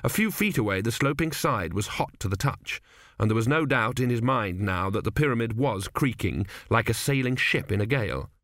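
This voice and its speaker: A man narrating a comic fantasy audiobook in a measured, wry reading. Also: mid-range voice, expressive, fairly bright tone, dry recording, clean studio sound.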